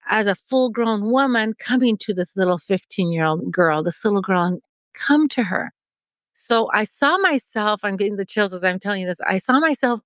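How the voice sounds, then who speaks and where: A woman's voice: mid-range voice, a bit bright, no echo. Woman, forties, from Mexico, emotional storytelling, dry recording. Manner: vivid, acts out remembered dialogue. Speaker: podcast guest.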